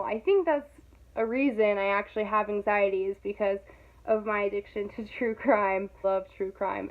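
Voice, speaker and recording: A young woman vlogging casually to camera, animated and dramatic, laughing often and mocking her own overreacting. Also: mid-range voice. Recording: tinny phone-like sound.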